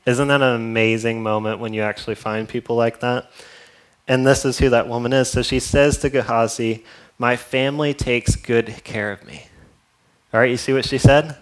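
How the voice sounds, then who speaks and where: A man's voice: medium pitch, fairly even intonation, moderate pace. A man preaching a sermon, retelling a Bible story in a casual, conversational way with asides to his congregation. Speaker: pastor.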